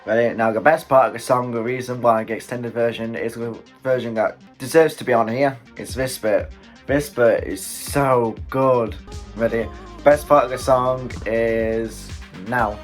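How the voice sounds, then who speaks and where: Excitable British man reacting to music. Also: medium pitch. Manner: excitable, quick exclamations and chuckles. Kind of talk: casual music reaction commentary. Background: faint music playing.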